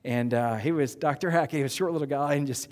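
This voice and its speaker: A middle-aged male pastor preaching with a lively, conversational storytelling manner. His voice sits a bit higher than most men's. Long echo from the church hall trails behind each phrase. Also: quick pace. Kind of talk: sermon. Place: church sanctuary.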